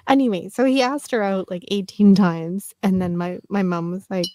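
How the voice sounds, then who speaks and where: A woman's voice: medium pitch, normal speed, warm tone, a little hiss or hum. A woman co-hosting a casual chat, rambling through a family story and acting out the people in it. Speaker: podcast co-host.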